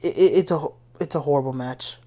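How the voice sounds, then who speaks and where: A woman's voice: sits low, fast, mellow. A woman hosting a casual reality TV recap, talking in a blunt, opinionated, gossipy way. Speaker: TV recap host.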